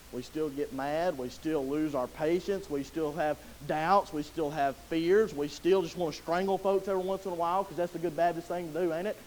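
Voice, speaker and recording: Folksy preacher, high voice. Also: male voice, rough recording. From Southern US. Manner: folksy, conversational preaching that rises to loud emotional pleading. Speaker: pastor. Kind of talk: sermon. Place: church sanctuary.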